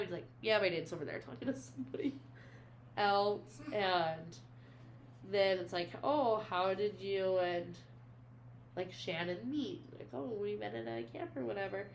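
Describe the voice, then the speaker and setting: A young woman with a medium-pitched voice co-hosts a podcast, casually recapping a book. She retells scenes and reads quoted lines aloud, using lots of "she's like." There's slight background noise.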